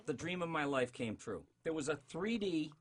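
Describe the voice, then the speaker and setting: A man's voice: fairly high pitch, moderate pace, husky. A man in his fifties, a voice actor, chatting jokily in an interview. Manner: animated, jokey, breaks into character voices. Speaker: voice actor guest. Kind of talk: casual interview chat. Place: studio.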